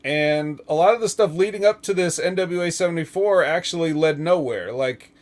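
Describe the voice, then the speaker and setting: A fairly high-voiced man hosting a loose wrestling podcast. He rambles through his opinions, laughs often and swears without a second thought. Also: moderate pace. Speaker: podcast host. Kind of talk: casual wrestling talk show chat.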